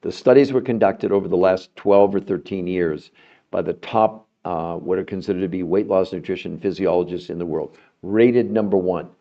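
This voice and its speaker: The audio is dull, and the man's voice sits low at a normal speed. He's a middle-aged health podcast host making a promotional, persuasive appeal to viewers, becoming more animated the longer he goes.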